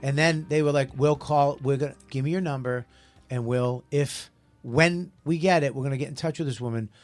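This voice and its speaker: A man hosting a show, telling a story with animated energy and laughing often in casual banter. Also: mid-range voice, brisk, soft background music. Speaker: radio show host.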